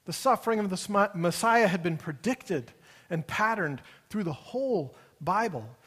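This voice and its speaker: Guy with a high voice giving a sermon, chatty and wry, long echo on it. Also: lively intonation, normal speed, a bit bright, breathy edge. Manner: conversational, wry storytelling, acts out quoted lines. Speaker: pastor.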